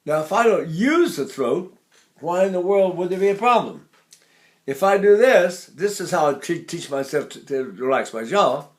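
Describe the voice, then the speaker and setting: A man's voice: high-pitched, expressive, normal speed. An older man, a voice teacher, explaining singing technique and breaking into sung and spoken vowel demonstrations.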